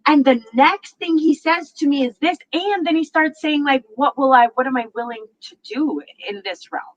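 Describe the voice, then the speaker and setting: A woman's voice: sits high, normal speed, muffled recording. A woman hosting a talk show, chatting casually and acting out what others said, laughing often. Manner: animated, acts out quotes, laughs often. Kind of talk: casual storytelling chat.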